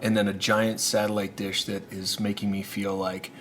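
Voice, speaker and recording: A man's voice: fairly low pitch, flat delivery, moderate pace, a bit bright, a little hiss or hum. A man from eastern Canada, a guest in a casual interview, with an accent that shifts between places, talking loosely and laughing often. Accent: mixed, shifts between places. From Canada (Maritimes, Nova Scotia).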